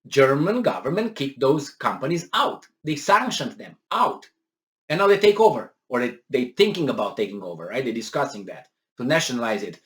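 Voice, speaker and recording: A man's voice: mid-range voice, normal speed. Indignant man ranting over a news article. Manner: animated, indignant, sarcastic, many fillers and restarts. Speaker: commentary video host. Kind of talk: political commentary reading a news article.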